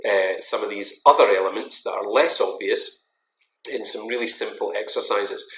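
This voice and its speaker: A man giving a recorded online lecture in a measured, explanatory way, stressing key words. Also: lowish voice, a bit bright. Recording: roomy echo.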